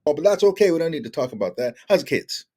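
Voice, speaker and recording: A man's voice: a little high, quick pace. A middle-aged man telling stories in a casual conversation, acting out the other people's lines in changing voices. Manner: animated, acts out dialogue with shifting voices. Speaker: guest speaker.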